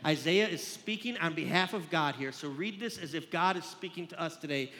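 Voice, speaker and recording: A man's voice: on the high side, brisk, sharp tone, big-room sound. A man preaching a sermon as a pastor, earnest and conversational as he talks the congregation through scripture.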